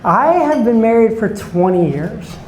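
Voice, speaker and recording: A man's voice: sits high, sing-song, unhurried, reverberant, background noise. A man in his forties doing a stand-up set, chatting and bantering with the audience from a club stage. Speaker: stand-up comedian. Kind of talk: stand-up set with crowd work.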